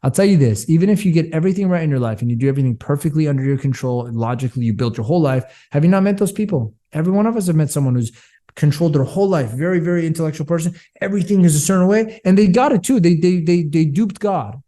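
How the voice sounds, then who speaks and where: His voice is fairly high, expressive, fast, and mellow as the business coach gives a candid interview. He tells his stories in a passionate, preachy way, quoting both himself and others.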